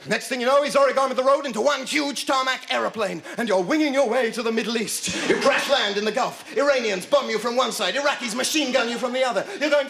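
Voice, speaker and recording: A man's voice: very high-pitched, fast, gravelly, few pauses, a little hiss or hum. A British man doing a zany, rambling stand-up routine on a live TV stage. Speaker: stand-up comedian. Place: TV studio with audience. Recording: echoey live studio, loud audience.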